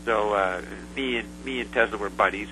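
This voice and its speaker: Male guest, bright and forceful voice, rambling anecdote, lots of "uh", faint hum behind. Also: on the low side, rough recording. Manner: rambling, halting, full of "uh" fillers and restarts. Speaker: interview guest. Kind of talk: casual storytelling.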